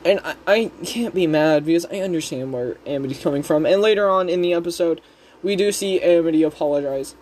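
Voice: mid-range voice, brisk, a little mellow, slight background noise. A speaker casually recapping a cartoon episode in a rambling, chatty way with frequent giggles. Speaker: show recap host.

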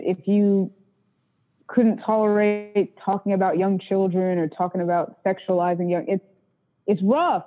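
A woman telling candid stories about her work in a blunt, profane way. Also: mid-range voice. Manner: blunt and profane, acts out callers' voices. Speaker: interview guest, phone sex worker. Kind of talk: candid casual storytelling. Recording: tinny phone-like sound.

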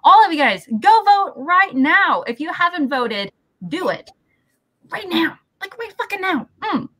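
A woman hosting a casual live stream, chatty and quick to laugh, swearing casually as she urges viewers to vote. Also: extremely high pitch, sing-song, fairly bright tone, no echo, low-quality recording. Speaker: host.

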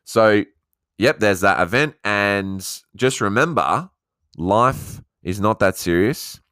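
A man hosting a casual motivational podcast, energetic and rambling, swearing freely. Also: lowish voice, takes it slowly, clear, resonant tone, no echo, clean studio sound. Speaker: podcast host.

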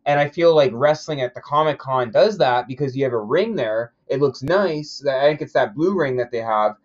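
Eager rambling podcast host, muffled. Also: male voice, mid-range voice, lively intonation, normal speed. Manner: eager, rambling, stumbles over words. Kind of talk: casual podcast chat.

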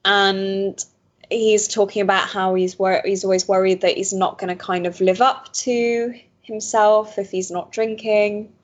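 A woman co-hosting a podcast in casual chat, animated and laughing often as she tells stories. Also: medium pitch, a little slow, lo-fi sound.

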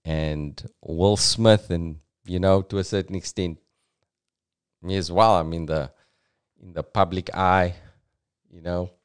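South African male host, unhurried reflective chat, clear tone. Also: low-pitched, steady tone. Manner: conversational, reflective, many "you know"s. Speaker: podcast host. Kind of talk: casual commentary.

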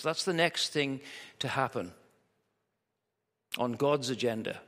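Male preacher, mid-pitched voice, vivid storyteller, emphatic questions, long hall reverb. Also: lively intonation, measured pace, pauses often, fairly bright tone. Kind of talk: sermon. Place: large hall at a church camp.

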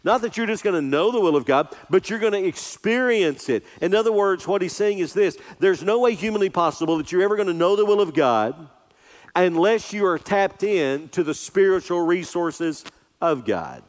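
A male pastor delivers an earnest, emphatic sermon in a slightly higher voice, leaning hard on key words. His words ring out with the long reverb of a large church sanctuary. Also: animated. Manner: earnest, emphatic preaching, slowing on scripture.

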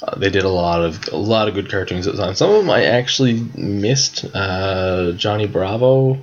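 A man's voice: low voice, animated, moderate pace. A young man co-hosting a podcast in casual chat, swearing often and laughing a lot. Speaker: podcast co-host. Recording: dull lo-fi sound.

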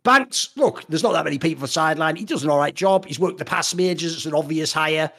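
A man co-hosting a podcast in casual banter, animated, sardonic and sweary. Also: a little high, fast, vocal fry. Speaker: podcast co-host.

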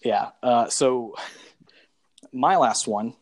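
A man's voice: medium pitch, extremely slow. A young man chatting casually on a podcast, trading film quotes in a laid-back way and laughing often. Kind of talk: casual chat.

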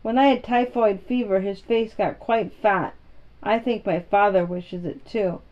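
A woman's voice: medium pitch, fairly even intonation, a little slow, a little mellow, dull audio, lightly acted. A woman voicing an imperious, sickly young boy who gives orders and asks demanding questions, in a storybook reading. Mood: eager.

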